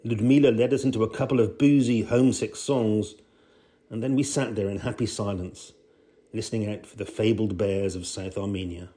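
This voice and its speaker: A man's voice: lowish voice, steady tone, normal speed, warm tone. Male reader for a first-person travel essay, dry and understated delivery.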